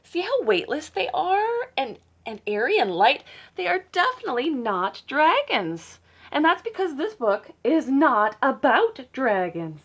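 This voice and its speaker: A woman librarian reading a picture book aloud to children, playful and teasing, with dramatic gasps and hushed asides. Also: high voice, big pitch swings, a little slow.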